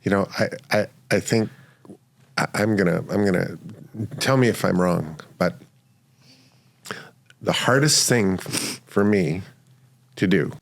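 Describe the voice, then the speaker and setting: A male podcast host feels his way through a question, hesitant and careful. His voice is very low, with a gravelly rasp. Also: measured pace, long pauses. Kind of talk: interview questions.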